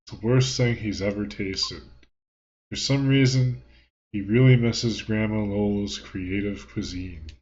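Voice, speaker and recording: Slow, low-voiced wry gaming host. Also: male voice, a little mellow. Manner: wry, joking, rambling. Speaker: let's play host. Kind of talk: casual gameplay commentary. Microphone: desk mic at home, button clicks audible. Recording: dull lo-fi with game music.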